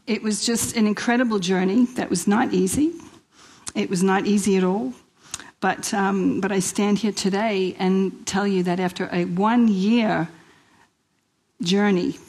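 A middle-aged woman from New York with a New York accent, giving a lively personal testimony at a women's church event and acting out the dialogue in her stories. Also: mid-range voice, husky, low-quality recording. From Queens, New York. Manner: lively storyteller who acts out quoted dialogue and laughs often.

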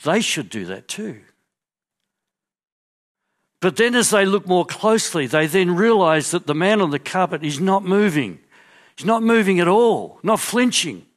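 A man preaching a sermon, telling a story vividly and dropping into quiet asides as he acts out the crowd. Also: high-pitched, expressive, normal speed. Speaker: pastor.

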